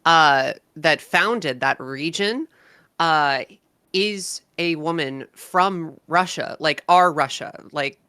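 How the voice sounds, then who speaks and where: A chatty, enthusiastic woman streamer hosting a casual conversation. Her voice is low-pitched yet bright and forceful. The sound is dry and close. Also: slow, smooth, no room sound. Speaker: streamer host. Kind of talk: casual chat.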